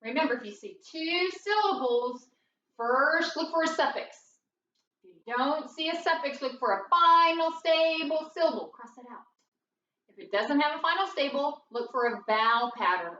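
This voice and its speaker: A woman teaching a phonics lesson, slowly working through each word aloud and thinking it over as she goes. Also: high voice, animated, sharp tone. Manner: slow, deliberate, thinking aloud. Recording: dull, roomy, distant mic with faint noise.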